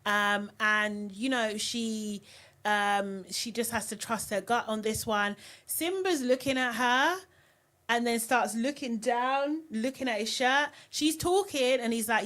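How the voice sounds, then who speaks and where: A woman hosting a live reality TV recap, talking in an animated, outspoken way. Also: on the high side, slow. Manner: animated and outspoken, often mocking voices. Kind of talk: live recap and review chat.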